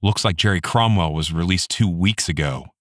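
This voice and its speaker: A matter-of-fact male bodyguard explaining the facts, in a male narrator's own deep voice. Low, dry and close to the mic. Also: moderate pace, a bit bright, no echo.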